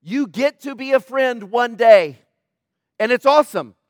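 A middle-aged man preaching with an unusually high voice, pressing each point home and asking the congregation to say it back. The sound is dry and close, with no room echo. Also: lively intonation, a little slow. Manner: emphatic, repeats key points and asks the audience to respond. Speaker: pastor. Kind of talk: sermon.

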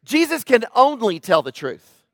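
A male pastor preaching a sermon, emphatic and questioning the congregation, swinging from loud emphasis to low quiet tones. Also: big pitch swings, normal speed, dry recording, studio quality.

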